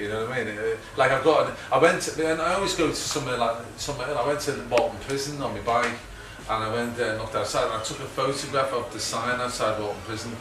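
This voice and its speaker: Picked up from afar in an echoey room over constant background noise, a middle-aged man from Liverpool, England, speaks as a guest filmmaker at an audience Q&A. His voice is mid-range with a Liverpool accent, and he rambles chattily, often laughing and using tag questions.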